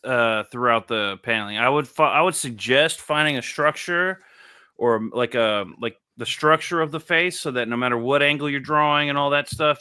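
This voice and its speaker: A man with a bright, forceful voice chats casually about comics and laughs easily, often restarting his sentences. His voice sits in a middle range. The sound is dry and close, with no room echo. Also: mid-range voice, clean tone. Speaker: podcast co-host reviewing comics. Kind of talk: casual chat.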